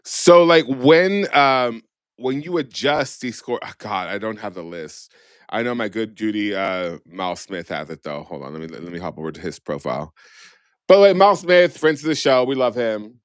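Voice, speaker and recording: A man's voice: on the low side, lively intonation, normal speed, fairly bright tone, clean tone, no echo. A man co-hosting a casual chat show, sassy and gossipy, swearing freely as he runs through rule changes. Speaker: podcast co-host.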